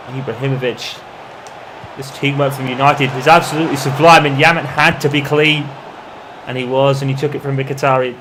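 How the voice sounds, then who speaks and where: A man commentating over his own football video game in the style of a match broadcaster, calm between plays and erupting into shouts when a goal goes in. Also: medium pitch, noisy background. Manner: excitable, bursts into shouting on goals. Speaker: gamer doing mock football commentary. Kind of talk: playful imitation of match commentary over gameplay.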